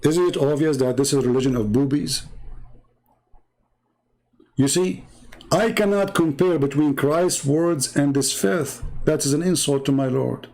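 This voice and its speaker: A man's voice: a little high, measured pace, long pauses, a little mellow. A man hosting a religious debate show, delivering a polemical monologue in a mocking, emphatic way, full of rhetorical questions and repetition for effect.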